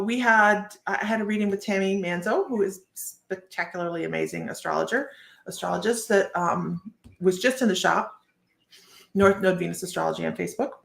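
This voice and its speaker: A woman hosts live psychic card readings and chats along loosely, restarting sentences as she goes. Her voice sits at a middle pitch. The room gives it a roomy echo. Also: gravelly. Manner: chatty, rambling, with many restarts. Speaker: psychic reader and show host.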